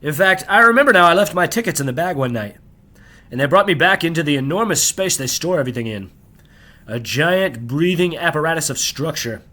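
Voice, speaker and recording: A man reads his own novel aloud in the first person, his voice on the high side with a sharp tone. The delivery is measured and descriptive, slowing on key phrases.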